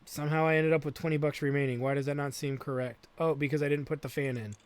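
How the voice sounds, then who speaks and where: A man's voice: on the high side, flat delivery, quick pace, smooth. A man hosting a let's play, thinking aloud as he plays and swearing freely. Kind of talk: gameplay commentary.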